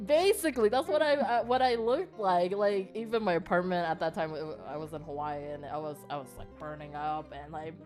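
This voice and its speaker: A woman's voice: fairly low pitch, brisk, hardly any pauses, a little mellow, soft background music. A woman co-hosting a casual podcast chat, rambling with many fillers and laughing often. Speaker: podcast co-host.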